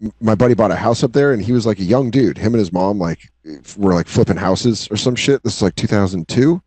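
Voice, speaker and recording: A man in his late thirties, a podcast co-host, telling crude comic stories in casual chat and acting out quotes in high yelps. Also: a little fast, breathy edge, no echo. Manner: animated, swears freely, acts out quotes in high yelps. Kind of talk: casual comedic storytelling.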